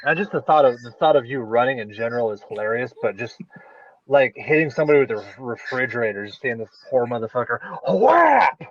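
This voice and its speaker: A man's voice: medium pitch, fast, dry recording, dull audio. A man co-hosting a podcast, joking and teasing his friend in casual chat. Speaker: podcast co-host.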